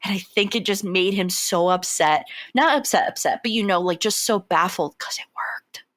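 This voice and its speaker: A young woman co-hosting a podcast in casual chat, animated and quick to leap into high imitations. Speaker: podcast co-host.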